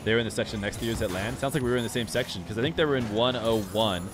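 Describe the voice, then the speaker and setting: A young man streaming a game and chatting casually with his viewers in a relaxed, rambling way. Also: lowish voice, rapid-fire, noisy background. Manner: relaxed, rambling, talks straight to chat. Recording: music playing clearly behind the voice.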